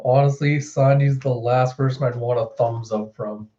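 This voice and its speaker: A man's voice: mid-range voice, fairly even intonation, moderate pace, warm tone, dull audio. A man giving casual reaction commentary as a manga reviewer, retelling scenes and acting out lines.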